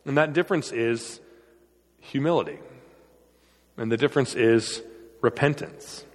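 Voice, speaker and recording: A man's voice: medium pitch, a little slow, big-room sound. A man preaching a sermon in an earnest, emphatic way, often repeating his phrases. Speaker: pastor.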